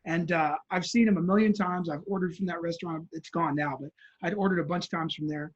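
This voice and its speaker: Guy telling a wild story in an interview, acts out voices, kinda breathy, muffled sound. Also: fairly high pitch, steady tone, fast talker. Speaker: guest.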